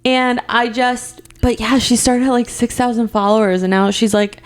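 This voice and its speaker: Young woman, kinda high voice, giggly and hyped, casual podcast chat. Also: normal speed. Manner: excitable, giggly storyteller. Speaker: podcast co-host.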